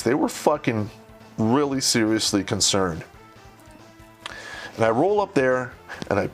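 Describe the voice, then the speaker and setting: A man's voice: mid-range voice, gravelly. A man telling a war story in casual, profane speech, acting out the voices of the people he quotes.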